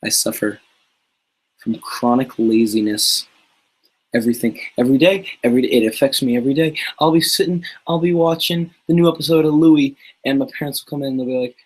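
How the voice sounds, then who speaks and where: A man's voice: mid-range voice, steady tone, a little fast, long pauses, poor audio. A young man hosting his channel's livestream, rambling in a jokey, mock-serious way. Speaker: channel host. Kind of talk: casual livestream chat.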